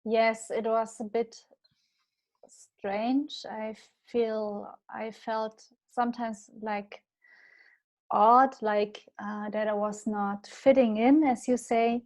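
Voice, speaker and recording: German-accented woman in her thirties, pitched a little high and taking her time, halting speech with lots of laughs, chatting as a podcast guest. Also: level tone. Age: 30s. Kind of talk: casual interview chat.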